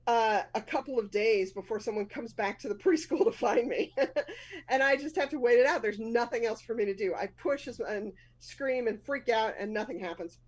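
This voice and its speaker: A woman's voice: on the high side, lively intonation, normal speed, husky, lo-fi sound. A woman in her fifties with a Boston accent, hosting a live storytelling show, telling a personal story candidly and laughing often at herself.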